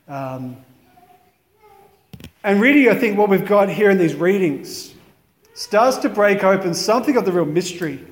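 A man's voice: high voice, animated, normal speed, pauses often, reverberant, long reverb tail. A man giving a conversational, reflective sermon in a chapel. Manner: conversational, reflective, many "you know" fillers. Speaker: priest.

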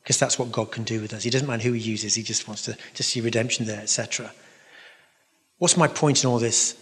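English preacher in a reverberant hall. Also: male voice, medium pitch, fairly even intonation, fairly quick, fairly bright tone. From England. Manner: emphatic, repeating phrases, playful noises. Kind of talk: sermon. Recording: long reverb of a large hall.

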